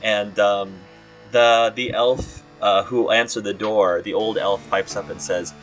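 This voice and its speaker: A man's voice: lowish voice, fairly even intonation, measured pace, a bit bright, faint music behind. Rambling male game master. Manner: casual, rambling, many fillers. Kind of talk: narrating a tabletop game.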